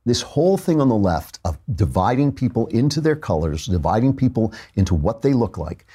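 A man hosting a talk show speaks in a low, mellow voice with a husky grain. He rambles through an opinionated studio monologue and pokes fun at himself along the way. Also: sing-song, brisk. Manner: wry, digressive, self-mocking.

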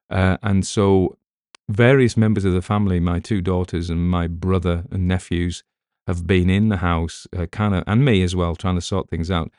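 A man's voice: low voice, dark tone, dry recording, studio quality. A middle-aged man with a British accent, an audiobook narrator rambling in casual chat with wry asides.

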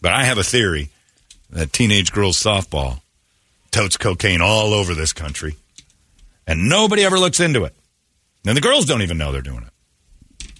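Morning radio guy in his 50s, lively, laughing, bright slightly husky voice, dry close sound. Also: low-pitched, normal speed, long pauses, dry recording. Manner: animated, laughing, sarcastic storytelling. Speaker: radio show host.

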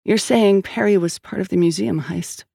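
A man's voice: high voice, moderate pace, gravelly, warm tone, dry recording, clean studio sound, pitched above the performer's own voice. A man doing a blunt, tough woman detective. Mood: demanding.

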